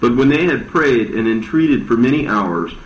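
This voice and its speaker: A man reading an old religious text aloud as scripted narration, plain and steady, in a roomy, dull recording. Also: mid-range voice, normal speed. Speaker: reader.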